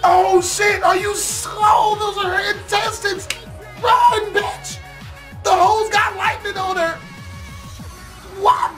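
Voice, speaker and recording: A man hosting a reaction video, shouting profane exclamations and laughing as he comments. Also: very high voice, flat delivery, slow pace, soft background music.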